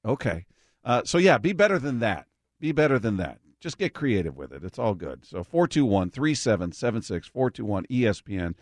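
A man's voice: on the low side, sing-song, brisk, dry recording, clean studio sound. A middle-aged man hosting a sports radio show in casual chat, laughing easily and plugging the text line. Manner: chatty, laughs often, reads the text line. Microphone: studio microphone.

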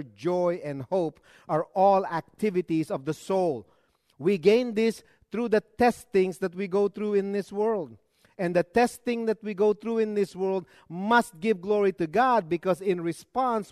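A man with a fairly high voice preaches to his congregation, swinging between loud emphatic lines and quiet, low asides. The sound is dry and close, with little room around it. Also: no room sound. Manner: preaching with dramatic rises and drops, conversational asides. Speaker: pastor. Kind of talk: sermon.

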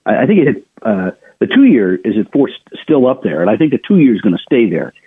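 A husky-voiced man hosts a radio show, walking listeners through the week's markets in a loose, conversational way. He speaks at a middling pitch, stumbles and restarts often, and talks to the audience as "folks". The sound is thin and narrow, like a phone line. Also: very animated, a little fast. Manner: chatty, addresses listeners directly, many restarts. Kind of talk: financial market commentary.

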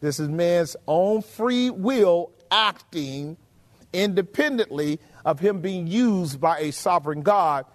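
A man preaching a sermon, emphatic and full of rhetorical questions to his congregation, drawing out key phrases slowly. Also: high voice, expressive. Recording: long hall reverb.

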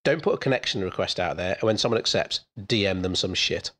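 A man's voice: low voice, fast, fairly bright tone. A man co-hosting a podcast, talking bluntly with jokes and swearing. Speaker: podcast co-host. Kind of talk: casual podcast chat.

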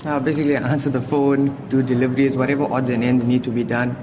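A man in his twenties talks about his work outdoors in a quick, flat voice. Loud street traffic noise surrounds him. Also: mid-range voice. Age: 20s. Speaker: restaurant helper and comedian. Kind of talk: interview answers.

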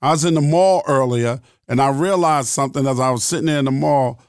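A man's voice: medium pitch, fairly quick, clear, resonant tone, no echo, studio quality. A middle-aged man hosting a podcast, talking in a blunt, profane and emphatic monologue. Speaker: podcast host.

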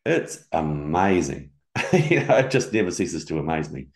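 A man's voice: extremely low pitch, measured pace, roomy sound. A man, a business coach, talking in a casual podcast conversation and acting out his talks with clients. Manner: animated storyteller who acts out client dialogues.

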